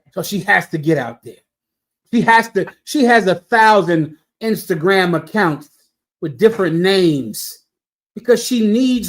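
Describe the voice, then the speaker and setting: Brief: a man preaching, blunt and crude, scolding his listeners with pointed questions. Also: high voice. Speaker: preacher lecturing a class. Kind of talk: preaching commentary.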